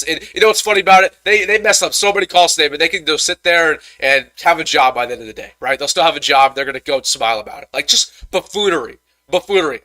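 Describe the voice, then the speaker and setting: A man's voice: fairly high pitch, bright, forceful tone, no echo. A young man hosting a live postgame football reaction stream, talking in a frustrated, ranting way with stammered restarts. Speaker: sports commentator host.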